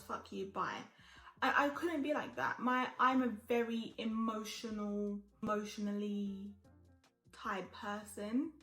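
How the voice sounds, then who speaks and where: This get-ready-with-me chat comes from a woman in her 20s, a lifestyle vlogger whose mid-range voice has a slight brightness. The sound is roomy, and she swears freely while giving blunt, emphatic advice.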